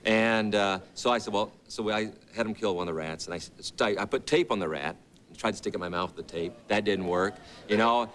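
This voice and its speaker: A man's voice: fairly low pitch, fairly quick, fairly bright tone, slight background noise. A man in his fifties, a talk show guest and actor, telling rambling anecdotes full of quoted dialogue. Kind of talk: casual storytelling. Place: TV studio.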